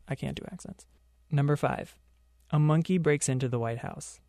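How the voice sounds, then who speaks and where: A man's voice: on the high side, normal speed, creaky, darkish tone, no room sound, clean studio sound. Sarcastic young man hosting a podcast. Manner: sarcastic, joking asides. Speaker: podcast host. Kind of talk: solo pop culture commentary.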